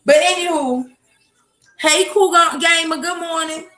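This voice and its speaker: A woman's voice: very high voice, measured pace, fairly bright tone, soft background music. A woman hosting a casual morning livestream from home, ranting bluntly and profanely while talking to her chat. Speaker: livestream host. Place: home, kitchen. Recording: echoey room with faint noise.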